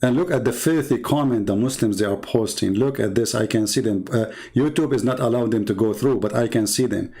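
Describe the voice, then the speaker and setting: A man with an Arabic accent hosts a live stream and reads out viewer comments. He talks in a mocking, combative way, repeats himself and jumps into high, scornful outbursts. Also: fairly quick, few pauses, warm tone, low-quality recording. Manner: mocking, taunting, with sudden high-pitched outbursts. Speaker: livestream host reading viewer comments.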